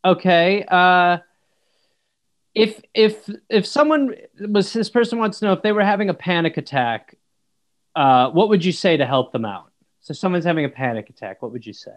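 A man's voice: high-pitched, normal speed. Teasing man hosting a podcast. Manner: teasing, deadpan jokes. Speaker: podcast host. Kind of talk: casual podcast chat.

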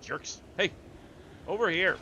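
His voice sits high and sounds gravelly, moving at a slow pace on dull audio with slight background noise. He's streaming a multiplayer game live, excitedly addressing his chat and friends and laughing and exclaiming often.

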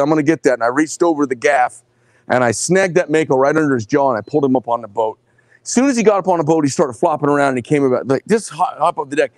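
A middle-aged man hosting a live knife sales show, telling rambling, animated stories between showing each knife. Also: fairly high pitch, no room sound. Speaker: host presenting knives.

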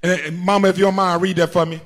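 High-voiced fervent male preacher. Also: level tone, quick pace. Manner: fervent, repetitive, calls out to the congregation; rises to shouts at times. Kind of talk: Good Friday sermon.

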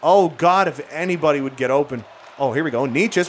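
A man doing excited, jokey play-by-play commentary while playing a hockey video game. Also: fairly high pitch, moderate pace, a little hiss or hum. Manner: excitable, jokey, bursts into shouts and laughs. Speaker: gaming YouTuber.

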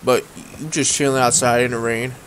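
A young man giving casual, excitable, slangy commentary while playing a game, talking straight to the enemies he fights. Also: medium pitch, a little fast, a little hiss or hum. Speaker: gaming video creator. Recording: voice over game music.

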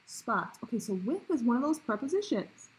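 Lady teacher going over grammar for kids, bit high voice, asks then answers herself. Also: sing-song, fairly quick, low-quality recording. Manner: clear, patient question-and-answer explaining. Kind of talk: recorded grammar lesson for pupils.

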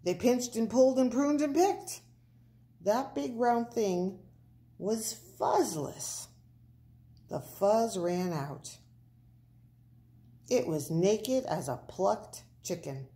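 A woman reading a children's picture book aloud, slow and playful with the words. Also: mid-range voice. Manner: slow, expressive, playful wordplay. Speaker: storyteller.

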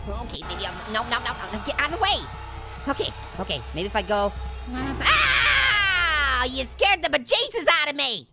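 A woman giving excitable, jokey let's-play commentary as a video game streamer, talking to her viewers as she plays. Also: high voice, normal speed, vocal fry, over loud music.

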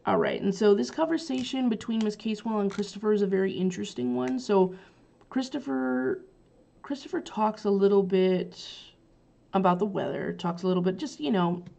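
A woman's voice: mid-range voice, moderate pace, creaky, warm tone. A woman giving a chatty, casual summary of a play, retelling the scenes with fillers and paraphrased quotes.

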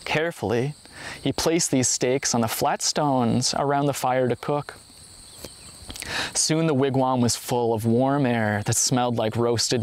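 Man reading a story aloud. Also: medium pitch. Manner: expressive, with sound effects. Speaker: reader. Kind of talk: storybook narration.

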